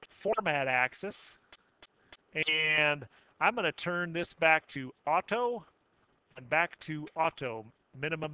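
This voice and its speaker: A man teaching a math software tutorial, narrating each click step by step with casual self-corrections. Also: on the high side, clean tone, no echo. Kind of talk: screen-recorded software tutorial.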